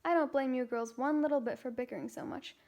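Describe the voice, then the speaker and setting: Young woman doing a patient storybook mom, gentle, high voice. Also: fairly even intonation, quick pace. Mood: calm. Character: patient mother, calm and practical.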